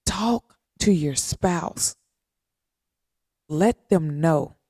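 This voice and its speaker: A woman in her thirties hosts a heartfelt, faith-based podcast talk, unhurried and earnest, repeating her points with long pauses. Her voice is low, dark and gravelly with some vocal fry. The sound is dry and close, with no room around it. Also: dry recording. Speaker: podcast host.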